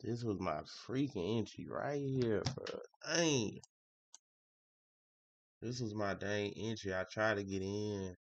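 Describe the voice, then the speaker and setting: A male day trader streams live, speaking slowly in a fairly low voice. His commentary is casual and slangy, with grumbling and repetition, and the recording is dry, slightly muffled, and lo-fi.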